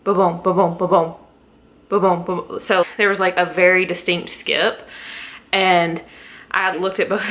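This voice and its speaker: A woman's voice: lowish voice, bright, forceful tone. A young adult woman telling a pregnancy story at home in a casual vlog, emotional and close to tears, laughing between lines. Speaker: vlogger.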